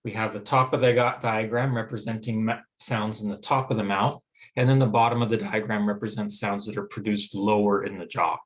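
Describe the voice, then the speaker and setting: A man with a Western American accent teaching a phonetics lesson, explaining clearly and pausing to sound out vowels. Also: on the low side, fairly even intonation. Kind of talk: phonetics lecture.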